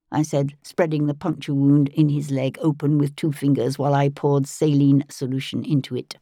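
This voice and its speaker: A woman narrating a first-person audiobook in a calm, measured storytelling manner, close to the mic. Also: low-pitched, no room sound.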